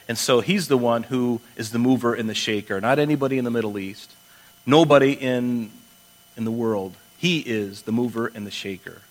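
A man preaching a sermon and reading scripture aloud, conversational and emphatic, dropping low and quiet to stress a point. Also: moderate pace, low-quality recording. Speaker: pastor.

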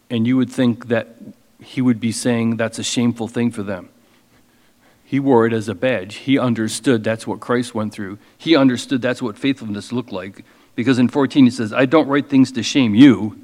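A man preaching as a pastor, reading scripture slowly with emphasis and then explaining it in a casual, conversational way. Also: mid-range voice, steady tone, a little mellow, big-room sound. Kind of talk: expository sermon.

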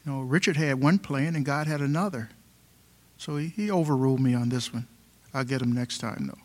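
A man's voice: mid-range voice, fairly quick, a little mellow. A man preaching a sermon, emphatic and fond of repeating rhetorical questions.

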